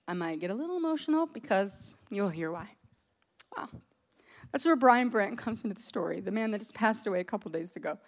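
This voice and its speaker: An American woman preaches a personal testimony to her congregation. She tells it like a casual story, loose and conversational, with plenty of "like" along the way. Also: medium pitch. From United States.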